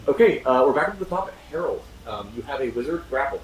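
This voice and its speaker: A man running a tabletop game, chatting casually with plenty of swearing and laughter. His pitch swings widely as he narrates. He sounds roomy and set back from the mic, with a faint hiss underneath. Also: sing-song, a little fast, few pauses. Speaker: game master. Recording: roomy echo, distant mic, faint noise.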